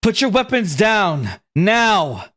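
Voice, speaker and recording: Man doing a hostile woman tribe leader, commanding, contemptuous, tabletop game, mid pitch. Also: fairly even intonation, moderate pace, close to an everyday voice. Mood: menacing. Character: hostile woman tribal leader, cold and threatening.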